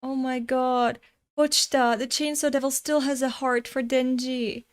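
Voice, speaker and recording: A woman from Europe hosting a casual comic reaction, excitable and prone to giggling fits. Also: sits high, unhurried, smooth. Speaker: manga reaction host.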